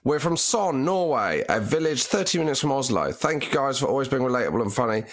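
A man's voice: medium pitch, big pitch swings, quick pace, a bit bright. A man co-hosting a comedy podcast, teasing his co-host with dry banter and reading out listener messages. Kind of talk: casual comedic chat.

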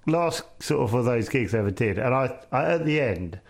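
A man's voice: medium pitch, animated, normal speed, creaky. Man telling a comedy story. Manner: laughing storyteller, swears freely. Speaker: comedian guest. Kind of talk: casual podcast chat.

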